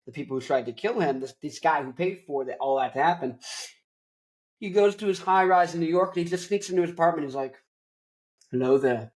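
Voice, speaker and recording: A young man hosting his own show, ranting casually about movies in an animated, rambling way, full of "like". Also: on the high side, quick pace. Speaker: host.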